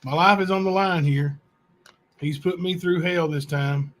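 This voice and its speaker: A man hosting a channel, reading letters aloud to viewers in a plain, unhurried way with asides. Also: on the high side, fairly even intonation. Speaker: channel host.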